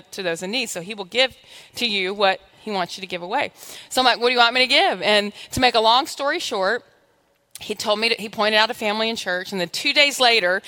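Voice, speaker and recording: In a church sanctuary, a woman with a medium-pitched, bright, forceful voice preaches a sermon. She tells stories animatedly, acting out her own dialogue with God, and the recording carries long hall reverb.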